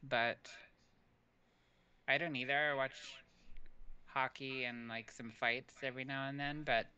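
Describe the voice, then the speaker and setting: A man hosting a podcast, steering a relaxed, casual conversation. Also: medium pitch, unhurried, muffled recording. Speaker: podcast host. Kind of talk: casual chat.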